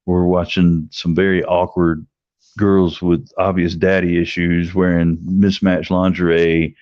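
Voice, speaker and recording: Here a middle-aged livestreamer, his tone level and his pace a little slow, rambles through a long, profane anecdote and acts out the dialogue with raised pitch. The sound is dry, lo-fi, and somewhat dull.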